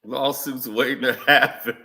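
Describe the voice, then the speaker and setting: Man, high voice, bright and sharp tone, laid-back photo commentary, laughs a lot, slangy storytelling. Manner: chatty, laughs often, loose slangy storytelling. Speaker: vlogger. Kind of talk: casual commentary over old photos.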